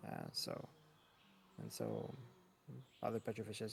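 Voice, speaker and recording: A man's voice: fairly low pitch, animated, unhurried, vocal fry, pauses often, slight background noise. A man narrating a tabletop game as game master, in meandering sentences full of fillers.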